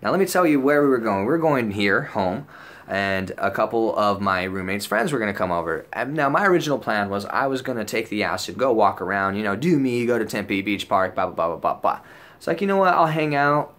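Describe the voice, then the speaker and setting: A young man casually telling a story out loud, animated and profane, full of slang and acted-out lines from other people. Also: fairly low pitch, brisk.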